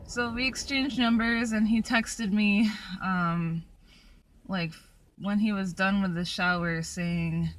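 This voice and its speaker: A woman's voice: mid-range voice, steady tone, slow. A young woman telling travel stories in a casual vlog, chatty and full of ums and likes. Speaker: solo traveler vlogger. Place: in her van.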